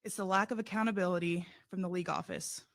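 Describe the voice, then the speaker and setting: A woman, a professional basketball player, delivering a prepared public statement in a measured way, slightly out of breath. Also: fairly low pitch, steady tone, vocal fry.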